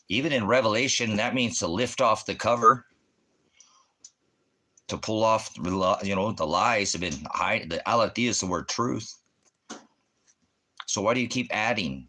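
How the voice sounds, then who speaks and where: Combative low-voiced male preacher. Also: bright, forceful tone. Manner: combative, fires off rhetorical questions. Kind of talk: ranting religious monologue.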